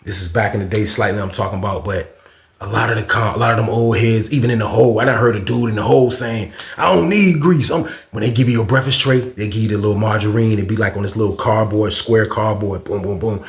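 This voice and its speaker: Gravelly man telling a storytime. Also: lowish voice, fast, reverberant. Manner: animated, profane street talk. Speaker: storytelling channel host. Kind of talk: casual storytime.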